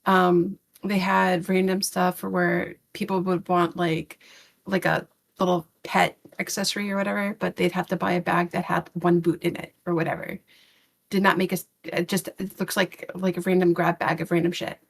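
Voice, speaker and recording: A woman's voice: lowish voice, level tone, moderate pace, gravelly. A woman co-hosting a podcast who rambles through a casual, exasperated rant, full of fillers and restarts, with blunt swearing. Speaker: podcast co-host.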